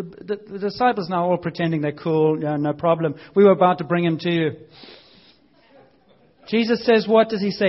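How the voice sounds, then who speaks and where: A man preaching a lively, conversational sermon, acting out voices and now and then shouting. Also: sits high, lo-fi sound.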